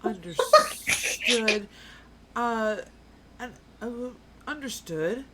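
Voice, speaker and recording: A woman's voice: medium pitch, very animated, a little slow, very noisy, pitched above the performer's own voice. A woman playing a hesitant woman archer who stumbles over her words. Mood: sheepish. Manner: hesitant, repeats herself. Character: awkward woman archer, new to group life.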